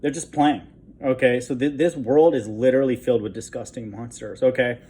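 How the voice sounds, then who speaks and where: A man at an ordinary middle pitch tells a story in a loose, rambling monologue. He sounds contemptuous and tacks "okay?" onto nearly every few lines. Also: fairly even intonation, brisk, warm tone, breathy edge. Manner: rambling, repeats "okay?" constantly; scornful, contemptuous. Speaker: vlogger.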